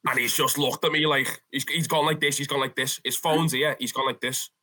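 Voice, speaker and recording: A young Scouse man is spinning a story in a relaxed interview. His voice is bright and forward, and his telling is lively and full of swearing. He keeps calling the listener "lad". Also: medium pitch, brisk. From Liverpool, England. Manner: animated, swears freely, calls the listener "lad". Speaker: interview guest, football fan.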